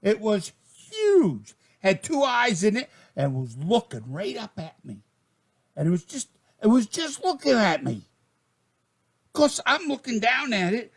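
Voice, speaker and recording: Excitable older man with a Maine accent. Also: high voice. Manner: rambling, excitable, with folksy slang. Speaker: storyteller. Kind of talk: comic tall tale.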